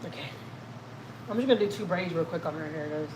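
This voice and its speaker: Chatty mom on a home livestream. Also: female voice, low-pitched, fast talker, background noise. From Houston, Texas. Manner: chatty, rambling, self-teasing, talks to viewers as y'all. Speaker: family vlogger hosting a livestream. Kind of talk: casual livestream chat, reading comments aloud.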